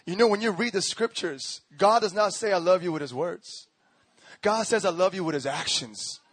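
A young man with a high-sitting voice delivers a lively sermon at normal speed, telling stories, acting out voices and laughing often. His emphasis is repetitive and rhythmic, and the recording is dry.

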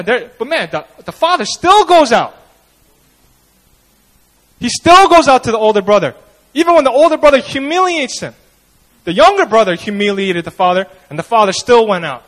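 A young male pastor giving a casual, conversational sermon. His voice sits unusually high for a man and moves a lot in pitch. He slips into quoted voices and asks the crowd "you know what I mean?". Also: a bit bright, poor audio.

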